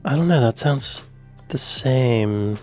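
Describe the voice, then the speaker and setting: A man's voice: medium pitch, takes it slowly, faint music behind. An American man hosting a casual reaction video, muttering and repeating words aloud to try them, often half-whispered. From United States. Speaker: reaction channel host.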